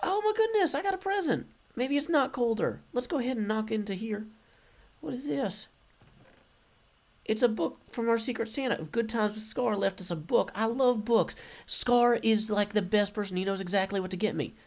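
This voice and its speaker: A man's voice: high voice, animated, moderate pace, creaky. A man casually commenting on his game play, rambling, goofy and full of puns and self-corrections, recording away from home. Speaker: game video host. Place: relatives' home while traveling.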